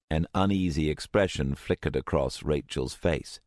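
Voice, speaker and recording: A man narrating an urban fantasy audiobook in a steady, even manner. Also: sits low, normal speed, no echo. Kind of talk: scripted narration. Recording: dry close studio sound.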